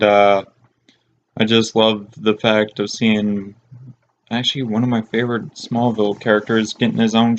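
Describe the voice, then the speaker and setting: A man's voice: lowish voice, lo-fi sound, slight background noise. A man co-hosting a review, giving his opinion in a casual, hesitant way with fillers.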